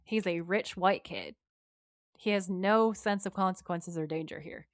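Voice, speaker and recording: A woman's voice: lowish voice, a little slow, no echo, clean studio sound. A woman co-hosting a podcast, recapping a TV episode in casual chat, telling the story with energy and swearing freely. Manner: animated storytelling, voices the characters' lines. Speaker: podcast co-host.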